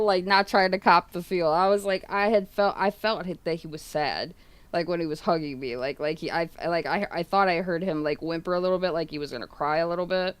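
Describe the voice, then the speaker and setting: A woman's voice: lowish voice, clear, resonant tone, dry recording. A woman streamer casually telling a rambling story to her viewers, full of fillers and casual swearing, acting out what others said. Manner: retells others' words in quoted dialogue.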